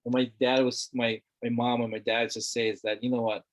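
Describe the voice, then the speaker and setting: A man's voice: medium pitch, little pitch movement, brisk. A middle-aged man from Hawaii, a guest talking earnestly in a casual conversation, repeating words for emphasis. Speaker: interview guest.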